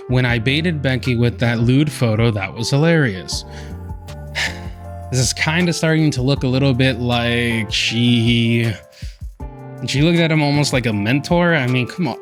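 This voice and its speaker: A man's voice: mid-range voice, measured pace, faint music behind. A man hosting a commentary channel, casually reading out private messages and weighing in between them with sighs and chuckles. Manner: reads quotes aloud with sighs and chuckles, laid-back.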